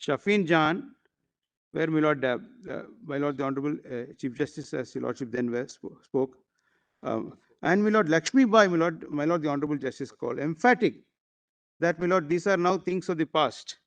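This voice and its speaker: Lawyer guy, high voice, formal and deferential, keeps saying the court address, bit halting. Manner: hesitant at times, with fillers and restarts. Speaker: advocate. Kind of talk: courtroom argument.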